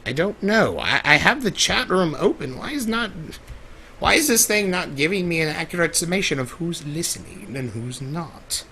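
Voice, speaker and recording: A man's voice: a little high, big pitch swings, normal speed, creaky, sharp tone, slight background noise, full character voice. A man voicing Discord, a vain, theatrical male chaos spirit who calls people darling, drawls, sighs and laments melodramatically, in an improvised in-character Q&A livestream. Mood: fussy, bewildered.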